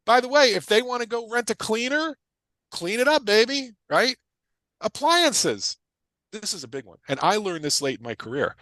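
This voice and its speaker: A man's voice: sits high, very animated, sharp tone, dry recording. A middle-aged man teaching a live online class in an emphatic, repetitive way, driving points home with questions and casual asides. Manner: punchy, casual asides with quick tangents. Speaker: guest real estate investor teaching. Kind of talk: energetic livestream teaching talk.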